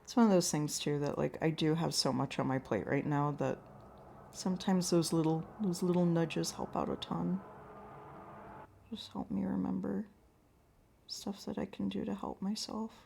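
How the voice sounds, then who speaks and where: A woman's voice: lowish voice, fairly even intonation, moderate pace, vocal fry, mellow, a little hiss or hum. A woman hosting a live painting stream, chatting casually and a little whiny, answering her viewers' comments in a rambling, self-deprecating way. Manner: slightly whiny, pleading tone. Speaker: livestream host painting with watercolors.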